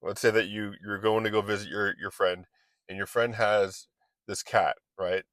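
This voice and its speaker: A man's voice: fairly low pitch, little pitch movement, normal speed, a bit bright, dry recording. A man giving a casual motivational talk as an online business coach, chatty and loose, often restarting his sentences and acting out little exchanges.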